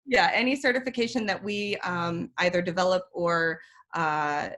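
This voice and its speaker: A middle-aged woman talks through her work in an earnest, detailed way. Her voice sits a little low, and she often restarts her sentences. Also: moderate pace, a bit bright. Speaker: regulatory director, interview guest. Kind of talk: casual interview answers.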